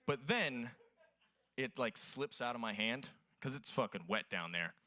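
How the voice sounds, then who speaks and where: A man's voice: mid-range voice, expressive, a little slow, pushed and bright, dry recording. Young man, stand-up comedian, crude profane storytelling, dry close sound. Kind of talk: stand-up set at open mic.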